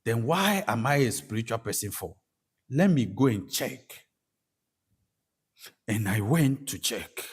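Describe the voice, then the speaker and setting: This Ghanaian English-accented spiritual practitioner speaks at a measured pace with long pauses, his mid-range voice carrying a breathy edge. Sharing his testimony animatedly, he acts out what others said.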